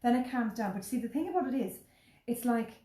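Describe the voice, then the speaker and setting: An Irish woman telling a story in casual, animated chat, full of "like" and the odd swear word. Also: on the high side, fairly quick. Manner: animated, chatty, peppered with swearing and "like". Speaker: podcast host. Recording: roomy echo.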